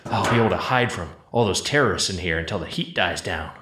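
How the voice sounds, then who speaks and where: A man's voice: low voice, animated, fast, heavy background noise. An actor playing a hapless man who talks to himself while hiding from terrorists in a comedy audio play. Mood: bumbling. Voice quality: bumbling, self-talking. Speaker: hero of the parody.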